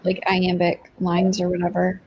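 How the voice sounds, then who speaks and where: Relaxed woman guest chatting. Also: on the low side, normal speed, breathy edge, dull audio. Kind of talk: casual chat on a livestream.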